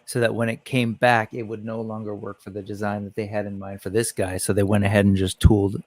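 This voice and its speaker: A man's voice: fairly low pitch, level tone, a little fast, darkish tone, dry recording. A man hosting a casual livestream, chatting about toy reveals and greeting viewers in the chat by name. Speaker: livestream host.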